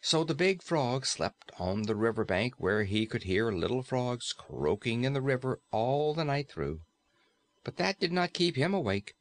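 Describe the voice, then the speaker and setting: A man narrating a classic fairy-tale audiobook in a steady, expressive storytelling way. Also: medium pitch, a little slow.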